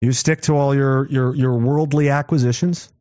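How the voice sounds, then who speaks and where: A man hosting his own show, delivering a sarcastic, combative monologue to camera, swinging from low muttering to raised challenges. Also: steady tone, normal speed, a little mellow, dry recording, highs cut off. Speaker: commentary show host.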